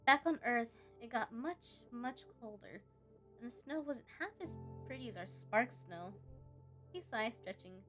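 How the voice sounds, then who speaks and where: Woman, let's-play host, reading visual novel text aloud, lively pitch jumps, fairly high voice, soft game music. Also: normal speed.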